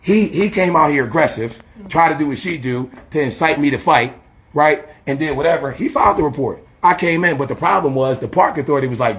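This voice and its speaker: Agitated street preacher filming himself. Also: male voice, a little high, fairly bright tone. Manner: agitated and defensive, talks fast over others. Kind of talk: heated self-filmed confrontation. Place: outdoors by a church. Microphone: handheld phone camera.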